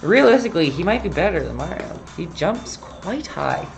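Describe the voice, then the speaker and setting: A woman's voice: fairly low pitch, very animated, normal speed, creaky, music in the background. A woman hosting a casual painting tutorial livestream, chatty, reading viewer comments aloud and breaking off mid-sentence. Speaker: painting instructor and livestream host.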